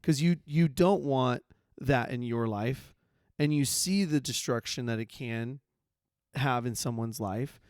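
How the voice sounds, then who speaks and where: A man co-hosting a faith podcast in casual chat, halting and searching for words, often agreeing with short interjections. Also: mid-range voice, darkish tone, clear, resonant tone, no echo, clean studio sound. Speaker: podcast co-host.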